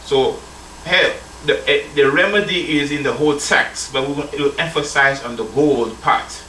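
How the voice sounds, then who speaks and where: This church elder's slightly high voice comes across pushed and bright at normal speed. His sermon includes scripture reading, addressing listeners as brethren, and call-and-response questions. A distant mic yields a roomy sound with slight background noise.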